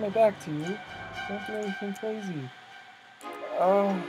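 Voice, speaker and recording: A let's-play host chatting through a building session in an easygoing, excitable way. They talk to themselves as they play, count things out loud, and jump with nervous alarm when monsters appear. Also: mid-range voice, a little slow, long pauses, over music, poor audio. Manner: excitable, thinks aloud, startles easily. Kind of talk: casual gameplay commentary.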